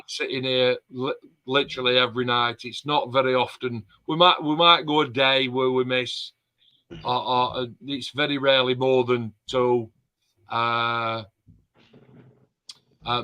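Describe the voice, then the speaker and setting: A man's voice: medium pitch, bright, forceful tone. A man co-hosting a live stream, chatting casually, joking and swearing with his friend. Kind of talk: casual chat.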